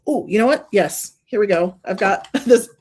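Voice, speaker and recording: A woman's voice: medium pitch, expressive, normal speed, darkish tone. A woman hosting a card-making stream, chatting casually and laughing often as she thinks aloud while working. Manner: gushing, openly emotional. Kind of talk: casual crafting demonstration.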